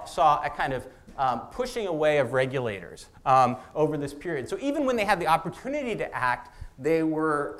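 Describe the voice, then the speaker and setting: Guy lecturing, kinda high voice, lots of ums and restarts. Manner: halting, with many restarts and fillers. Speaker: author giving a lecture. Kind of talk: public lecture on policy.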